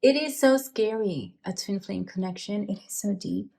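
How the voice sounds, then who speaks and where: A woman giving an emotional pick-a-card tarot reading, sighing and halting with many restarts as she speaks to her viewers. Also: mid-range voice, creaky, dark tone. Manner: speaks directly to viewers, calling them you guys. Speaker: tarot reader.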